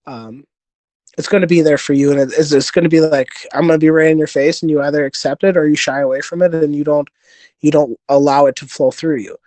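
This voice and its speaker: A man's voice: on the high side, fairly even intonation, fast talker, darkish tone, dry recording. A man guest on a podcast, telling an earnest, rambling story full of fillers and restarts. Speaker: podcast guest, jiu-jitsu competitor. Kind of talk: casual conversation.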